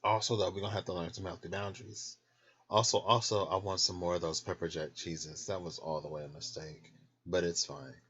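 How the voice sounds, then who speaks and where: A man's voice: deep voice, fairly even intonation, a little fast, fairly bright tone, slightly rough, muffled recording. A man hosting his own channel, rambling candidly and loosely from bed at home, snacking and laughing as he talks. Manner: snacking while talking. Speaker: tarot channel host. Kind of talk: casual late-night rambling vlog.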